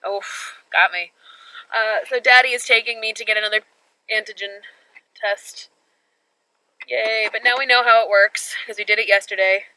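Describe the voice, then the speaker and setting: Bright, chatty young woman vlogging. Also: medium pitch, fairly even intonation, moderate pace, long pauses, rough recording. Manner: chatty, rambling, laughs at herself. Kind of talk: casual travel vlog. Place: family home, then in a car.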